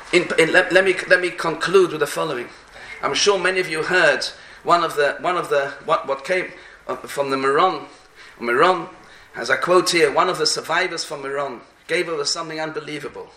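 A man delivers a sermon, telling stories in an animated way and often repeating himself mid-sentence. His voice sits high and sounds bright and sharp. The room around him is noticeably echoey. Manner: animated, repeats phrases, mixes in Hebrew and Yiddish terms. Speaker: rabbi giving a talk. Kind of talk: sermon with storytelling.

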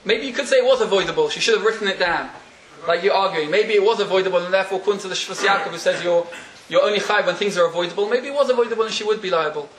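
High-voiced man teaching a class. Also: very fast, a bit bright, a little hiss or hum. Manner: questions the class often, laughing as he explains. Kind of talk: Talmud class lecture. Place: classroom with students. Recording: echoey room.

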